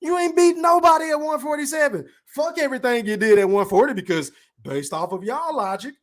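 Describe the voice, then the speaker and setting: A man in his thirties hosting a livestream, reading out chat comments with brash, profane shout-outs. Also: very high voice, expressive, a little fast. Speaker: podcast host reading live chat.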